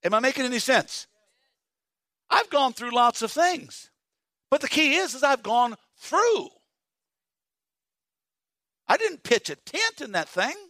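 A man delivers a sermon with a fairly high, bright voice. He preaches in an animated way, leaping to loud emphasis and then dropping to hushed asides, and he spins folksy, humorous stories. The sound is dry and close. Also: slow pace, long pauses, dry recording. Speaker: pastor.

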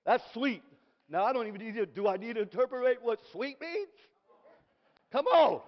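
A middle-aged man preaching a sermon in an animated way, dropping to soft asides and rising to shouted praise. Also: very high-pitched, brisk. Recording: dull recording in a reverberant hall.

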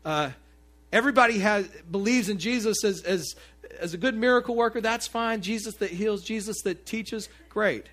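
A man's voice: high-pitched, moderate pace. Man preaching a conversational sermon. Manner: conversational, animated preaching with asides to the congregation. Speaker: pastor.

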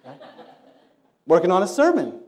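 Conversational male preacher, mellow tone. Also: sits high, normal speed. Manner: conversational, animated, acts out quoted voices. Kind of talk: sermon with storytelling.

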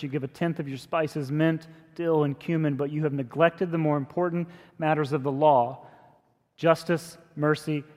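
A man preaching a sermon in a conversational way, growing louder and higher when he makes a point. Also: in a large hall. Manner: conversational preaching, rises in pitch and force when emphatic. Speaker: pastor.

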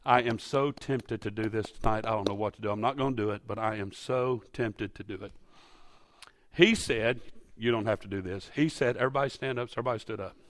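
A man preaching a sermon in a church, folksy and storytelling, rising to loud emphatic peaks. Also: lowish voice, fairly quick, no echo. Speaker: pastor. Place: church sanctuary.

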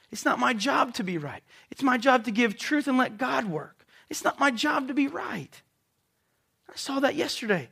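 A man preaching a sermon to a congregation, telling the story dramatically and dropping suddenly to a soft voice. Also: very high voice, vocal fry, slightly rough. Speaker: pastor. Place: church service before a congregation.

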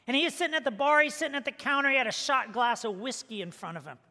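A male pastor preaches in a high, bright, forceful voice that rings through a church sanctuary with a long reverb. His prayer is soft and hushed, and his storytelling is lively, with the characters acted out. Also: quick pace. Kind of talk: sermon with prayer and joke.

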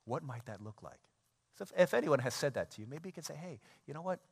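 Animated male pastor preaching in a hall. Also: fairly high pitch, fast, vocal fry, husky. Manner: animated, acts out everyday scenes in quoted voices. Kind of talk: sermon. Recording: long church hall reverb.

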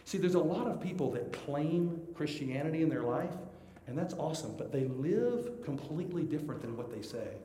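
A man pastor preaching a conversational sermon, animated and acting out the voices of the people he quotes. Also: fairly high pitch, normal speed. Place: church sanctuary. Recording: echoey hall with long reverb.

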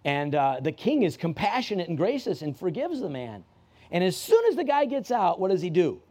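A man's voice: high-pitched, big pitch swings, brisk, dark tone. A man preaching a sermon to a church congregation in a conversational way, often restarting his sentences and repeating key phrases for emphasis. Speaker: pastor. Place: church service.

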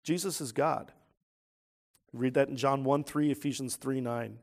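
A man preaching a sermon as pastor, emphatic, swelling loud on key words and often restarting his phrases. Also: medium pitch, unhurried, creaky.

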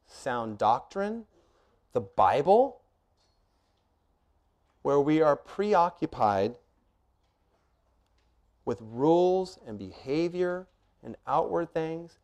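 A man's voice: mid-range voice, a little mellow. A middle-aged man preaching a sermon as pastor, earnest and emphatic, asking rhetorical questions and laying out numbered points.

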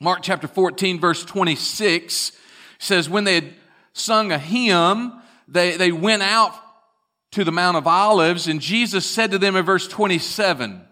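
Bright-voiced preacher, slow and dramatic. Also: male voice, high-pitched. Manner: dramatic storytelling, retelling scripture with swings from loud to hushed. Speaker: pastor. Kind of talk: sermon.

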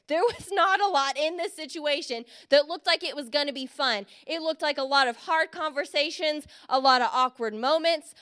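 A young woman preaching a sermon, earnest and encouraging, drawing out key phrases slowly. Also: sits high, pushed and bright. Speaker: speaker giving a Christmas message.

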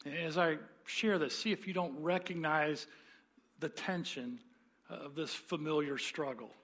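A man, a pastor, preaching a sermon and telling a story earnestly with dramatic pauses. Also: on the high side, fairly bright tone.

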